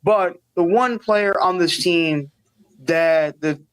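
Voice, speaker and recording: A man's voice: high-pitched, takes it slowly, a bit bright, clear, resonant tone, no echo, poor audio. A man calling in to a live stream, talking in an earnest, rambling way and putting himself down at times. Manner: earnest, rambling, self-deprecating. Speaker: caller. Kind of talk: call-in chat.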